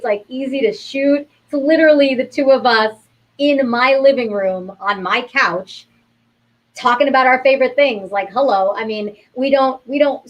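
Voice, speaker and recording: A woman's voice: high voice, poor audio. A woman from New York, an actress, chatting upbeat as an interview guest. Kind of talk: casual interview talk.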